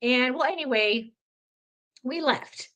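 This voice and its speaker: A woman's voice: sits high, slow pace, a bit bright. A woman in her fifties telling a personal story in a casual, rambling way, full of fillers, self-corrections and easy laughter. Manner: laughs easily. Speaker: podcast storyteller.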